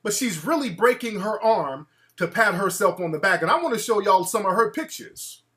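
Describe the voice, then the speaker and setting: A man hosting a talk show, ranting in an animated, mocking way and putting on voices to quote people. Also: sits high, normal speed. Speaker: show host. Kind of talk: casual talk-show rant.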